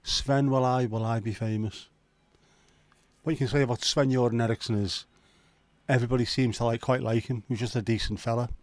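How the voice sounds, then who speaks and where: A man's voice: medium pitch, steady tone, a little fast, no echo. A man who hosts a casual live stream, chatting and joking and greeting viewers by name. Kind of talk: casual watch-along chat.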